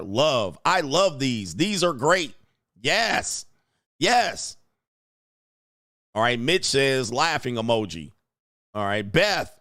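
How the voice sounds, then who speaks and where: A man hosting a casual reaction commentary, loud and mocking, full of slang and laughter. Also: medium pitch, dry recording, clean studio sound. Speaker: commentary host.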